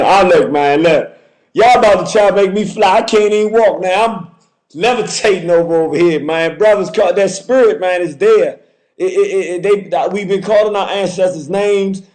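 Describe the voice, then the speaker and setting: A man's voice: high voice, moderate pace, a little mellow. A man hosting a call-in show, talking fervently with a repetitive, preacher-like cadence. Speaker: radio call-in host.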